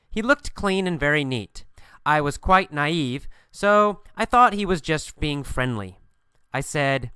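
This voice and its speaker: A man teaching English in a recorded lesson, speaking slowly and patiently and rephrasing each point. His voice is bright and crisp, and the recording is dry and close with no room sound. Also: on the high side, lively intonation, no echo. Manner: slow, patient, repeats and rephrases for learners.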